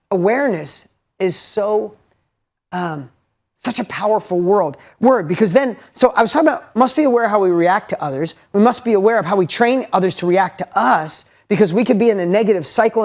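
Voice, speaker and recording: A middle-aged man giving a motivational talk to a live audience, emphatic, repeating key lines and putting questions to the listeners. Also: sits high. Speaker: motivational speaker.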